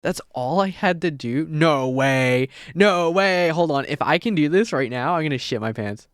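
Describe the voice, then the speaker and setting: A man chatting live on stream at a desk mic, excitable and rambling, swearing often. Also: on the high side, a little fast, no echo, clean studio sound. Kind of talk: casual live-stream chat. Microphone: desk mic on a mic arm.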